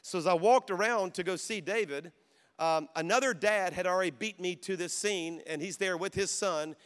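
High-voiced preacher man in a reverberant hall. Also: normal speed, clear, resonant tone. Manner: storytelling preacher who builds to loud, emphatic exhortation and calls to the crowd. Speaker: pastor. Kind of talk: sermon. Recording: long reverb of a large hall.

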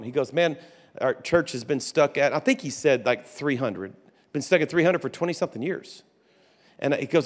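Speaking a little high and a little fast, this man is a pastor preaching at a conference. He tells folksy stories, restarting, laughing, and wandering into asides, all under a long hall reverb.

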